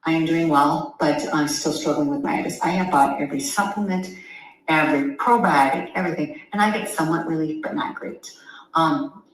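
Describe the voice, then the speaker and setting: Earnest woman in a very echoey room. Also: low voice. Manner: emotional, earnest, halting with ums. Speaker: customer sharing a testimonial. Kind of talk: recorded personal testimonial. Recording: very echoey room, faint noise.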